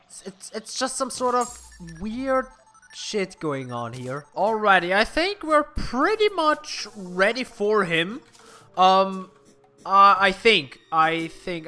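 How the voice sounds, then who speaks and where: High, bright-voiced young man gaming. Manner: rambling, swears freely, many restarts and fillers. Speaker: gameplay commentator. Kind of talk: casual game commentary.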